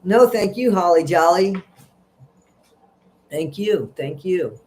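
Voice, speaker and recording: A man's voice: sits high, lively intonation, slow pace, darkish tone. A middle-aged man hosts a casual livestream, reading out viewer comments and gossiping in a rambling, chatty way. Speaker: livestream host.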